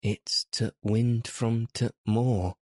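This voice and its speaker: A man's voice: mid-range voice, steady tone, drawn-out words, dry recording, clean studio sound, voice pushed up. A man doing a playful Yorkshire girl. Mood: wondering. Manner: broad dialect, teasing and triumphant. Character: girl speaking broad Yorkshire dialect, playful. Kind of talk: storybook reading.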